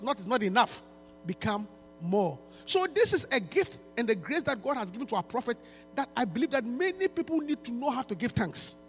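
A man's voice: high voice, a bit bright. A man preaching in a church service, pleading and repetitive, often restarting his words as he urges people forward to give. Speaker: pastor launching a book.

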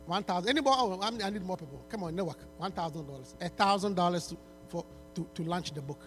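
Man, pastor at a church appeal, high voice, pleading, stammering restarts. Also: fast, fairly bright tone, soft background music. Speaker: pastor launching a book.

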